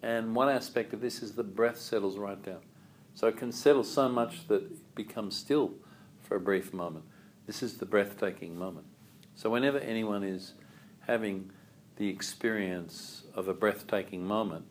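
A man teaching a yoga class, calm and asking the group questions. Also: lowish voice, moderate pace, slight background noise.

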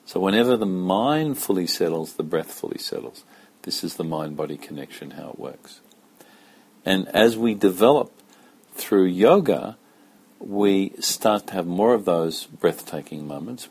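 A man giving a slow, calm spoken lesson as a yoga teacher, talking in a measured, deliberate way with pauses. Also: low voice, husky.

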